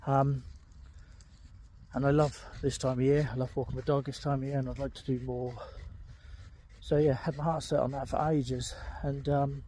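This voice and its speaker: A man's voice: mid-range voice, flat delivery, moderate pace, warm tone, slight background noise. A middle-aged man, in pain and limping, talking candidly with lots of ums while walking his dog outdoors, recorded on an earbud mic. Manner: candid, rambling, frequent ums. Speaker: vlogger. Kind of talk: casual walking vlog.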